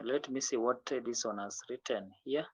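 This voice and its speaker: Giving an online French lesson, a language teacher patiently encourages her students and says words slowly and repeatedly so they can drill them. Her voice sits at a medium pitch, with a darkish, slightly rough tone.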